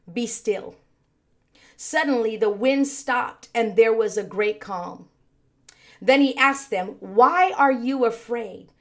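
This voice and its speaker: A woman pastor preaching a sermon, reading scripture and acting out the voices of the people in it. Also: fairly high pitch. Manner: expressive preaching, acts out voices of scripture figures.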